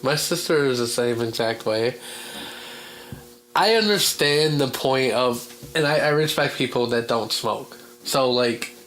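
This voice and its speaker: A man with a hoarse voice hosting a casual radio talk show, blunt and swearing freely. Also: mid-range voice, unhurried, low-quality recording. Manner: blunt and swearing, animated in argument. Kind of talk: casual chat. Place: small home studio.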